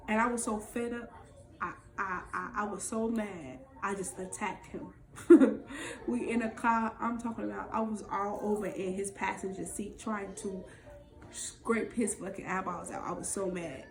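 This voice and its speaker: A woman's voice: medium pitch, a little mellow, slight background noise. Woman telling a raw story, echoey room. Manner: raw, emotional and profane. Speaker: vlog co-host. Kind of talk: candid personal storytelling.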